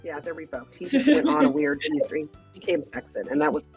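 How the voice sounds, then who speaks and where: Animated, husky-voiced woman co-host. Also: on the low side, quick pace, soft background music. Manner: animated, joking, swears. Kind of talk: casual banter.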